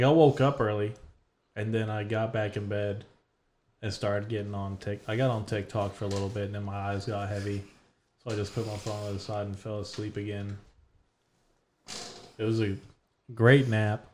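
Man, podcast host, low voice, casual profane chat, laid-back. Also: a little mellow, a little hiss or hum.

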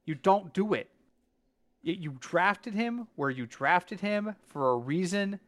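A podcast co-host with a high voice takes his time speaking. In the casual chat he sounds emphatic and lively, but he stumbles over words and restarts when recalling things.

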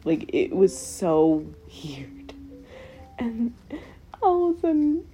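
A young woman hosting a podcast, telling her stories in a casual, animated way with frequent swearing and laughter. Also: on the high side, slow pace, highs cut off, slight background noise. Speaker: podcast host. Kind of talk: casual storytelling.

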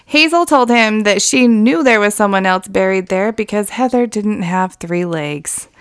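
Woman, true-crime storyteller, deadpan, swears, dry close sound. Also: mid-range voice, unhurried, smooth, no echo. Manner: deadpan retelling laced with swearing and laughs. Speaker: podcast co-host.

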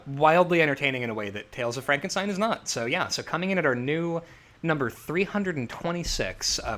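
A man's voice: mid-range voice, fairly bright tone, a little hiss or hum. A man co-hosting a podcast in casual comic chat, rambling and laughing often. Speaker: podcast co-host.

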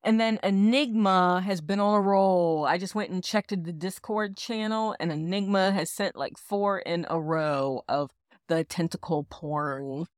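A woman's voice: on the low side, unhurried, no room sound, studio quality. A woman co-hosting a casual podcast, talking frankly and laughing often. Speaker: podcast co-host.

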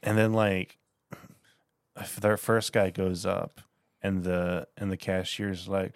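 Man, podcast co-host, animated storyteller, fairly low voice, dry close mic. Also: slow, dry recording. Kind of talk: casual podcast chat.

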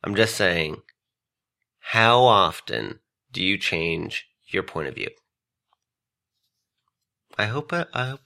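A man's voice: low-pitched, big pitch swings, takes it slowly, creaky, long pauses, sharp tone. A man, chatting casually as a podcast guest, rambling, joking at his own expense and laughing often. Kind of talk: casual interview chat.

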